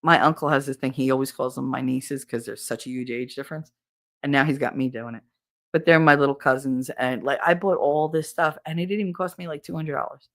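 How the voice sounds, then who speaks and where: A woman's voice: very deep voice, brisk. A middle-aged woman hosting a podcast, telling stories in a casual livestream chat with viewers. She laughs often and swears freely. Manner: animated, laughing storyteller who swears freely. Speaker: podcast host.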